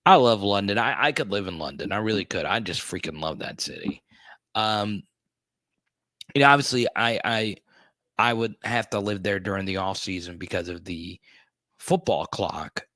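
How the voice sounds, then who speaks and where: A man hosting a casual livestream, chatting with viewers and greeting them by name with bursts of excitement. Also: lowish voice, moderate pace, no echo, studio quality. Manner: excitable, greets chatters loudly, many restarts. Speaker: host.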